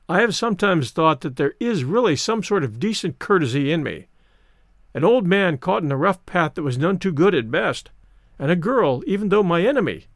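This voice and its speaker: A man narrating a classic novel in the first person, measured and wry in his delivery. His voice sits slightly high with a very lively, animated pitch, recorded dry and close with no room sound. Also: no echo. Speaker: audiobook narrator.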